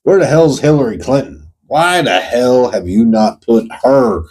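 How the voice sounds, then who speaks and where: A man ranting at an unhurried, deliberate pace, blunt and sarcastic, with plenty of swearing. He aims pointed questions straight at the person he is addressing, in an average-pitched voice. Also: lively intonation, darkish tone, husky, rough recording. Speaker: host. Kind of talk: ranting monologue.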